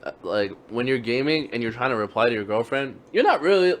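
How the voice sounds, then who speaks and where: A man's voice: mid-range voice, big pitch swings, brisk. A young man co-hosting a casual podcast, telling stories in slangy talk and laughing often. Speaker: podcast co-host. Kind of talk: casual chat.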